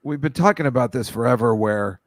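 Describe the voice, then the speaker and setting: A man's voice: medium pitch, no echo. Rambling man hosting a casual chat. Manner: rambling, halting, full of fillers. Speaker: podcast host.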